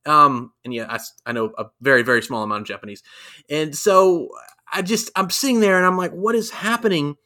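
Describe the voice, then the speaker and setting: A man's voice: a little high, fairly quick, bright, forceful tone. A man co-hosting a casual review podcast, talking animatedly and acting out quotes in raised voices. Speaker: podcast co-host. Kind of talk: casual wrestling review chat.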